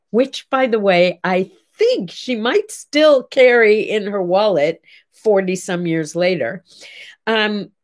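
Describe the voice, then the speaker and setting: Chatty older woman telling a story. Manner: chatty, animated, voices quoted people with pitch swings. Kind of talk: casual storytelling monologue.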